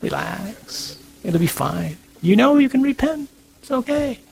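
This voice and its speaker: A man voicing a sly little devil on someone's shoulder, speaking softly and coaxingly to reassure and tempt. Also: very high-pitched, big pitch swings, unhurried, creaky, breathy edge, voice pushed up, full character voice. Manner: soft, coaxing, wheedling. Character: sly soothing male devil whispering on a shoulder.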